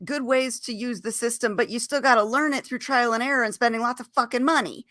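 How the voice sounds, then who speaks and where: A woman's voice: fairly high pitch, quick pace, fairly bright tone, no echo. A woman hosting a casual chat over a video call, talking bluntly and swearing freely. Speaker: host.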